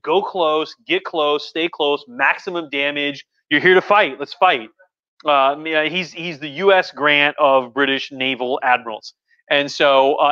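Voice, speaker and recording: A man's voice: on the high side, bright, forceful tone, dull audio. A man hosting a casual livestream history talk as a professor, rambling enthusiastically with many restarts. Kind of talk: casual lecture on a live stream.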